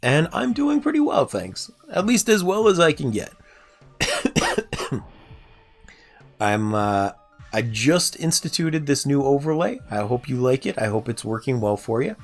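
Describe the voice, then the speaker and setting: A man's voice: medium pitch, very animated, a little slow. A young man streaming a game playthrough, chatting casually and asking viewers for feedback. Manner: chatty, asks chat for feedback. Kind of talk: casual livestream gameplay commentary. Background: faint game music.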